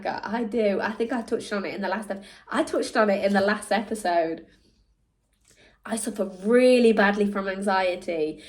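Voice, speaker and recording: A woman talking candidly to camera, animated, slipping into mock voices and laughing at herself. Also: fairly high pitch. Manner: animated, switches into mock voices when quoting people; laughs at herself mid-sentence. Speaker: vlog host.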